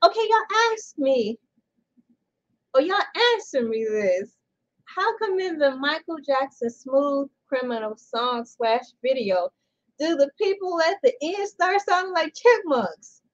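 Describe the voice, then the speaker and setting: Playful high-voiced woman vlogging. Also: lively intonation, slow pace, dull audio. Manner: playful, giggly. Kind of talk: casual comedic vlog.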